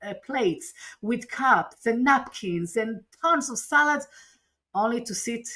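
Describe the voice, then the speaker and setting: A woman's voice: fairly high pitch, takes it slowly. Earnest woman telling her life story. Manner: earnest, animated retelling with frequent restarts. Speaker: podcast guest. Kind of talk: personal storytelling in an interview.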